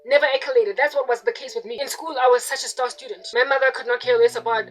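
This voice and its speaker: A high-voiced young woman with a South African accent delivers a heartfelt, aggrieved monologue straight to her viewers. She jumps between quiet confession and sharp, loud impressions of yelling. Faint music plays underneath her. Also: steady tone, fast. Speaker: video blogger. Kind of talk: emotional personal monologue.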